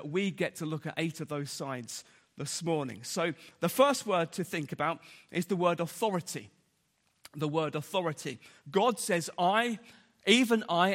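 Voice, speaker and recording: A man's voice: on the high side, in a large hall. A man preaching a sermon earnestly, repeating key words for emphasis, with frequent fillers and restarts.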